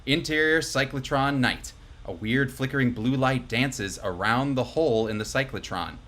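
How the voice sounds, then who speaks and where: A man's voice: mid-range voice, normal speed, a bit bright. A man hosting a live comedy table read, reading stage directions with breezy asides and chuckles to the players. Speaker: host and stage-direction reader.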